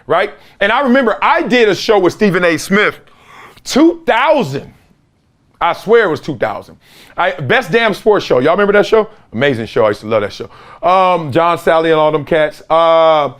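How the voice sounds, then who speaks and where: A man's voice: a little high, fairly bright tone. A middle-aged man, a former football player, hosting a sports talk show in an emphatic storytelling monologue, acting out the voices of people in his stories. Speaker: host, former NFL player.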